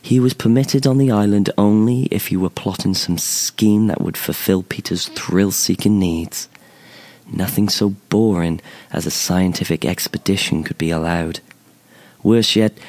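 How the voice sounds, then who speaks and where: A man narrating a fantasy short story in a measured, expressive storytelling manner. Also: lowish voice. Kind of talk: scripted narration.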